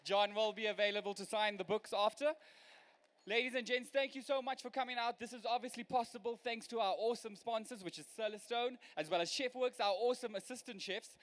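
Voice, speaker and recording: A man's voice: sits high, brisk, fairly bright tone. A man emceeing a live food show, hyping the crowd and thanking the sponsors. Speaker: event host and emcee.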